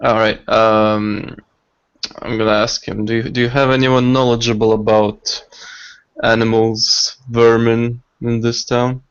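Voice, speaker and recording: A man's voice: medium pitch, flat delivery, measured pace, smooth. Laid-back man over a dull line. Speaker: player. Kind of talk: tabletop role-play. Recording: dull lo-fi recording.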